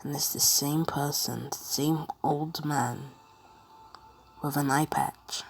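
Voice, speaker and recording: A woman narrating an improvised fan story, rambling and halting. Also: low voice, fairly even intonation, faint music behind.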